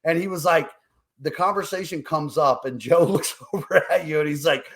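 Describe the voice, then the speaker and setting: Man, podcast co-host, fairly high voice, laughing, casual storytelling. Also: moderate pace, a bit bright. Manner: laughs often, chatty storytelling. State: tipsy from drinking. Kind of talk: casual chat.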